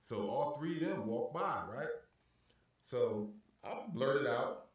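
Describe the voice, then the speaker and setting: A man telling a profane story at an animated pace, acting out shouted arguments with plenty of cursing. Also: medium pitch, takes it slowly. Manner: heated, cursing, acts out shouted exchanges. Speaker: podcast guest telling a story. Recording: roomy echo, far from the mic.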